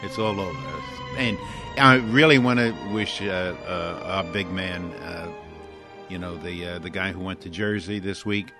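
A man's voice: low voice, normal speed, music in the background. An older man from New York, a guest co-host on a radio show, telling stories and joking in a casual way with many fillers.

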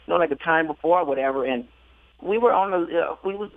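A man's voice: a little high, fast talker, no room sound. A man tells racing stories over a tinny, phone-like line, with a dry, close sound. He laughs often and jumps into playful voices for the people he quotes. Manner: laughing, animated storyteller acting out quotes. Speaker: jockey guest. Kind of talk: storytelling interview.

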